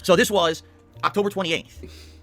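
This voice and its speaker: A man's voice: high-pitched, steady tone, moderate pace, sharp tone, faint music behind. A man streamer ranting to his camera, insistent and repetitive.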